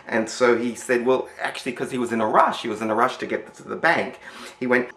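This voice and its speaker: A man's voice: mid-range voice, steady tone, a little fast, a bit bright, reverberant. A man telling a story in a rambling way, with many restarts and repeated words. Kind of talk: spoken storytelling.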